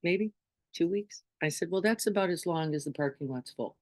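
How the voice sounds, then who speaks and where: A middle-aged woman leads her group in an informal spiritual talk as its teacher, speaking in an animated, low-pitched voice at a quick pace. She stays conversational, repeatedly checking in with "right?", on a dry recording.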